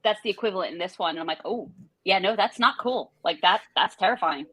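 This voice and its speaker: A woman co-hosting a podcast in casual chat, reacting with emotional, expressive commentary. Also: medium pitch, quick pace, husky, low-quality recording. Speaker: podcast co-host.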